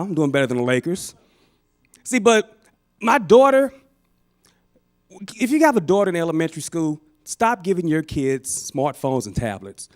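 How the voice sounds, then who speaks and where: On a club stage, a man from St. Louis, Missouri performs a stand-up set, animated and slipping into character voices. His voice sits a little high.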